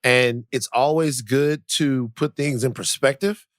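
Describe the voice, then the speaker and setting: A man's voice: mid-range voice, steady tone, a little slow, no room sound, studio quality. A middle-aged man co-hosting a podcast, talking in casual chat that rambles, full of restarts and "you know"s. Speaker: podcast co-host.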